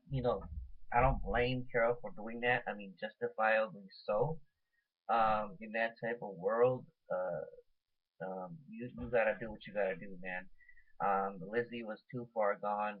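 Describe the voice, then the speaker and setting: A man casually reviewing a TV episode on his webcam, rambling with lots of fillers and repeated words. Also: on the low side. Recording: tinny lo-fi webcam audio.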